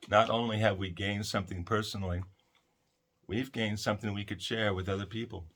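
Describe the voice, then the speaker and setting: A man hosting a talk about counseling, speaking gently and reflectively to listeners and telling stories with many fillers. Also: on the low side, steady tone. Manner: gentle, unhurried, storytelling with fillers.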